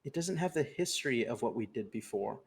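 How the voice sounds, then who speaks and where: Man, patient step-by-step guide, livestream tutorial, fry in the voice, mid pitch. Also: expressive, a little fast. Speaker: guest teaching neovim.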